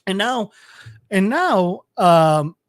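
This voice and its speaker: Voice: mid-range voice, big pitch swings, dry recording, clean studio sound. A podcast co-host casually retelling a comic story, full of fillers and swearing, and briefly acting out the characters' lines. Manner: rambling, filler-heavy storytelling with swearing and quick quoted voices.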